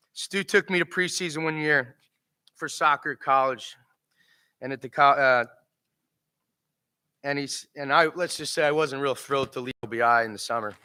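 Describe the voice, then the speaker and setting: A man's voice: mid-range voice, bright, forceful tone, clear, resonant tone. A man giving an emotional eulogy for his father at a memorial service, telling funny stories and laughing through them.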